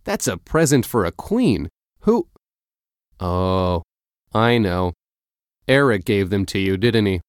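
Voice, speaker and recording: A man reading a storybook, voicing an earnest teenage boy who is jealous and hurt, in a low, dry voice. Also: big pitch swings, slow, long pauses, clear, resonant tone, no room sound.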